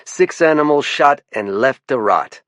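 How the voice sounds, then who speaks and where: A man's voice: medium pitch, animated, a little slow, fairly bright tone, no room sound, clean studio sound, pitched above the performer's own voice. A man doing a pompous francophone lieutenant. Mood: commanding. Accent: francophone Maine French. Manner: sing-song lilt, speechifying. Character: pompous theatrical male game warden lieutenant.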